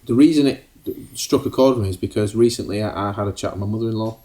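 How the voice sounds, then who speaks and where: A man's voice: lowish voice, fast talker, warm tone. A man co-hosting a podcast, talking in a hesitant casual way with many ums and restarts. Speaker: podcast co-host.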